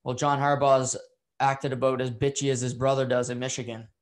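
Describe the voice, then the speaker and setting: Man, casual football recap, opinionated, rambling, mid-pitched voice. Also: flat delivery, fairly quick. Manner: opinionated, rambling with fillers and restarts, gets heated. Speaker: football commentator.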